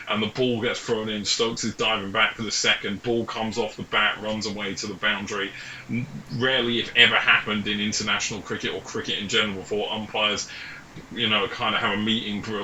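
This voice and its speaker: Bright-voiced English sports host. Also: male voice, on the low side, slight background noise. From England. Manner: enthusiastic, jokey. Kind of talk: casual sports chat. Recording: roomy echo.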